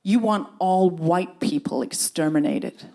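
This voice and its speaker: A woman imitating a dismissive, smug middle-aged male radio pundit, in a flat, sneering tone a little lower than her own. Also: unhurried, noisy background.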